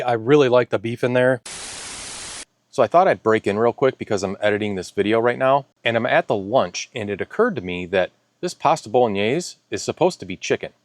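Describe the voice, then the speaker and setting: A man chats through a food taste test in an easygoing, enthusiastic way, sometimes talking with his mouth full. His voice sits at an ordinary middle pitch, recorded close and dry with no room sound. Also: no room sound. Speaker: food reviewer. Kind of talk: casual taste-test vlog. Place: home garage.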